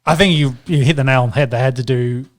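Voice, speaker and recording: An Australian man co-hosting a sports podcast, chatting casually in a halting, self-correcting way. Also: mid-range voice. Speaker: podcast co-host. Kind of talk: casual chat.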